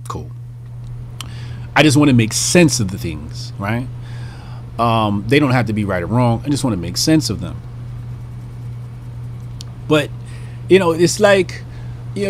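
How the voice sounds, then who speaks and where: A man's voice: on the high side, slight background noise. A man hosting his own commentary channel, talking bluntly and profanely in a casual monologue and acting out small scenes. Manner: blunt, profane, animated, acts out bits of scenes.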